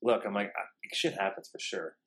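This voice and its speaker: A man telling a story in casual, profane chat, acting out the other people in it. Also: fairly low pitch. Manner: fast, profane, animated storytelling.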